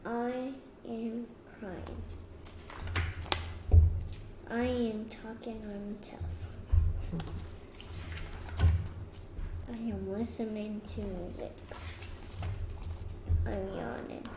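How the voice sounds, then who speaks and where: A woman who is a beginning reader, reading aloud slowly and carefully, word by word. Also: fairly high pitch, little pitch movement. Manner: slow, careful, halting reading. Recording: echoey room with background noise.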